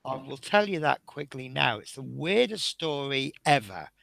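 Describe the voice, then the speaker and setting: Very animated and forceful, this streamer speaks at medium pitch and normal speed with a creaky, bright voice and no echo. He builds a model bus while swapping bus-driving anecdotes and reading chat aloud.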